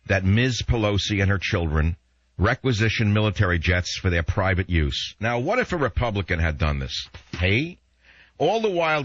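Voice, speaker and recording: A man's voice: fairly low pitch, fairly bright tone, no room sound. A man from San Francisco hosting a talk radio show, sarcastic and combative, firing rhetorical questions. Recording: dull dry lo-fi radio recording.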